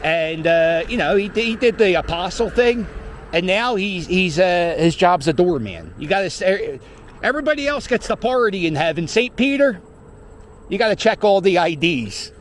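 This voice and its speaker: A middle-aged man from Philadelphia vlogs while riding a scooter through city streets, chatting casually in a high voice with big pitch swings at a moderate pace. He rambles, jokes and curses some, with faint street noise in the background.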